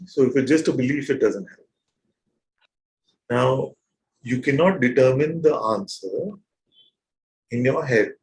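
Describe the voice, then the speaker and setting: A man leading a satsang as spiritual teacher, probing his listeners with repeated questions in a gentle, playful way. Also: mid-range voice, measured pace, long pauses, rough recording. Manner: gentle and playful, with soft laughs. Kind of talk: satsang teaching to a live group.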